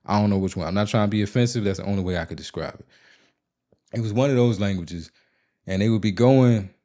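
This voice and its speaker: A man with a somewhat low voice hosts his own podcast alone. He vents in a casual monologue, telling stories in a blunt, profane and animated way. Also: quick pace. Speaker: podcast host. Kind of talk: casual solo monologue, venting.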